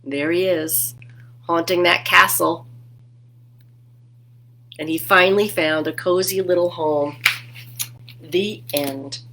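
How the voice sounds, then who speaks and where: A middle-aged woman librarian reading a picture book aloud to children, expressive and asking them questions. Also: fairly low pitch, takes it slowly, long pauses, a little hiss or hum. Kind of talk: storytime read-aloud.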